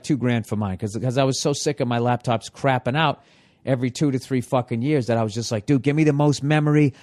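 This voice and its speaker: Male podcast host, solo comedic rant, heavy swearing, jumps from loud outbursts to muttered asides. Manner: animated, profanity-laced ranting that swings between loud outbursts and low muttering; rhetorical questions to listeners.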